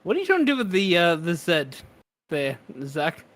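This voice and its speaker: A male streamer chats casually with his co-host while he troubleshoots his chat commands. His voice sits a little high, and he sounds exasperated but still laughs at the glitches. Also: huge pitch swings, normal speed, fairly bright tone.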